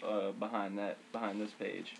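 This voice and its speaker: A young man co-hosting a casual, profane chat show, rambling with halting restarts. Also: lowish voice, level tone, vocal fry, slight background noise, poor audio. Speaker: co-host.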